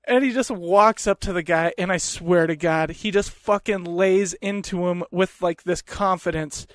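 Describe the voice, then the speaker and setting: A young man with a fairly high voice tells stories on his podcast, swearing freely and poking fun at himself. He sits right up on the mic in a small room at home, and the sound is dry and close, with no room echo. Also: measured pace. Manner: profane, animated storytelling; self-mocking. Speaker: podcast host. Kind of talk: casual podcast chat.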